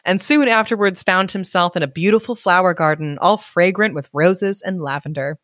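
A woman's voice: on the low side, moderate pace, fairly bright tone, no echo, clean studio sound. A woman co-hosting a podcast, reading a folk tale aloud with playful, laughing asides. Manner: playful, laughs often, reads story aloud. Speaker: podcast co-host. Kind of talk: casual storytelling chat.

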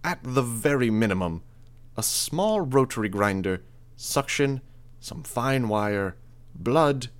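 A man's voice: medium pitch, expressive, takes it slowly, pitched above the performer's own voice. A man doing a clipped medic with a hard-to-place accent. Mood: clinical. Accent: hard-to-place foreign accent. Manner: hard emphasis on syllables. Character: clinical male medic, clipped.

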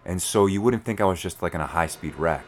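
A man, telling a story as a podcast guest in an animated way, full of fillers. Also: low voice, fast talker. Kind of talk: storytelling in conversation.

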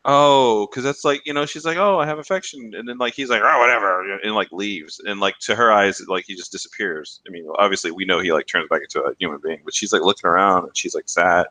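A man's voice: low voice, fast talker, hardly any pauses, bright, forceful tone, poor audio. A man co-hosting a podcast in casual chat, talking loosely with many "like"s. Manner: chatty, many "like"s. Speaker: podcast co-host.

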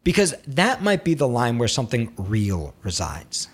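A man gives a screenwriting lesson in a slightly husky voice. His pitch swings freely as he talks. He is expressive and animated, and now and then he acts out the nagging inner critic. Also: normal speed. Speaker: screenwriting teacher. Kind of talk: instructional talk to camera.

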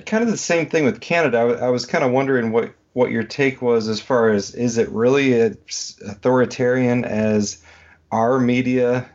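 A man's voice: mid-range voice, a little mellow. A man with a mid-range voice hosts a casual podcast conversation, circling around his question with lots of "you know" and "like". The sound is dull and lo-fi. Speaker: podcast host.

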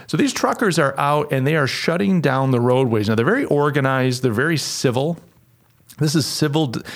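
A man hosting his own podcast in a solo commentary, talking with sarcastic, mocking asides. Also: medium pitch. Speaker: podcast host.

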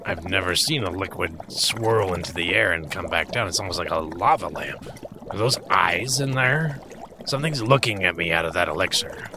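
A man's voice: low voice, moderate pace, noisy background. A man playing a character in a tabletop role-playing game, with polite, wry in-character narration. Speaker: player.

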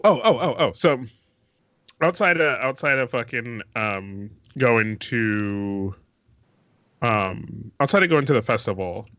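A man co-hosting a podcast, talking in an excitable, swearing, offhand way. His bright voice swoops up and down. The recording is close and dry but a little dull. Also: mid-range voice, dry recording. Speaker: podcast co-host. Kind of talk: casual chat. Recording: slightly dull, lo-fi sound.

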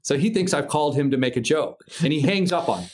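A man's voice: a little high, fast. An American man telling a story casually, swearing freely and acting out voices and sound effects. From United States. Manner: animated, profane, acts out voices and sound effects.

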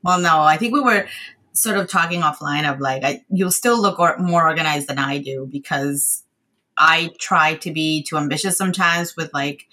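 A woman's voice: low voice, moderate pace, sharp tone. A woman film critic as a podcast guest, laughing easily and rambling a little as she talks. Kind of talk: casual podcast chat.

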